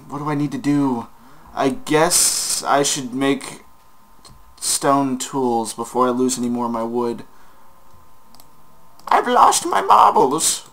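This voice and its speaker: A young man giving casual commentary as he plays a game, talking playfully to the creatures on screen and breaking into sudden outbursts. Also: mid-range voice. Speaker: gaming YouTuber.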